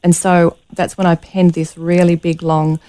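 A woman's voice: lowish voice, level tone, normal speed, warm tone. A woman telling a painful personal story as a radio interview guest, earnest and close to tears. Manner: earnest, emotional, near tears.

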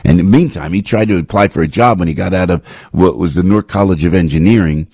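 An older man hosting a morning talk radio show, telling rambling, emphatic stories that climb high when he gets worked up, on a close studio mic. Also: fast talker, a little mellow, slightly rough, no room sound. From New Jersey.

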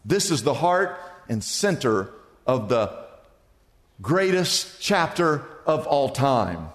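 A man's voice: medium pitch, very animated, slow, fairly bright tone. A male pastor preaching a sermon in a church, emphatic, repeating phrases and asking the listeners direct questions. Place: church sanctuary. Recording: long reverb of a large hall.

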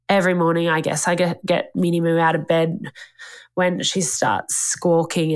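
A young woman, talking in a tearful, rambling way on a casual podcast, swearing often and quoting herself. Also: low voice. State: tearful, crying. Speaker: podcast host. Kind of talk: casual emotional chat. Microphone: studio microphone.

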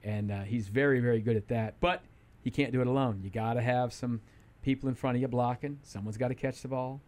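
Male sports radio regular, mid-pitched, rambling and emphatic, studio. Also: steady tone, fairly quick, darkish tone. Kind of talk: casual sports talk.

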